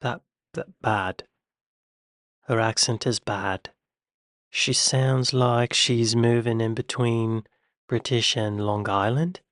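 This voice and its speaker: American dude reacting to clips, chatty and self-deprecating, dry close-mic sound. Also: male voice, medium pitch, fairly even intonation, takes it slowly, pauses often, a bit bright, no echo. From United States. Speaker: YouTube reaction host. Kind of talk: casual reaction commentary.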